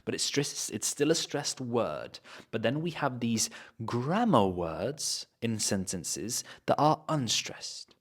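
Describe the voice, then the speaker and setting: A man with a British accent teaching a pronunciation lesson, saying example words slowly and repeating them to drill the sounds. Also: mid-range voice, big pitch swings. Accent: British English. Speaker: accent coach.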